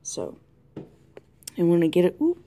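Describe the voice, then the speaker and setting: A woman talking through a colored-pencil tutorial in a chatty way, thinking aloud and often dropping to a soft whisper. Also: on the low side, wildly swooping pitch, slow pace. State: has the hiccups. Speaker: art tutorial host. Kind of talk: casual drawing tutorial narration. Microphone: camera mic close to the desk.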